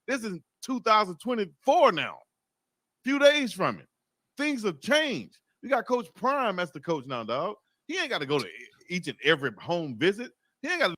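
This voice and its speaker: A man's voice: high-pitched, huge pitch swings, normal speed, bright, forceful tone, no room sound, studio quality. A man hosting a heated sports debate, pressing his point in slangy talk and calling his co-host "dog". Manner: insistent, slangy, repeats "dog".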